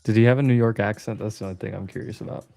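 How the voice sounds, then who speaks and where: A man's voice: on the low side, fairly even intonation, very fast, vocal fry, dark tone. A man on a live day-trading stream, making dry short quips and calling his trades. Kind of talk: casual live-stream chat.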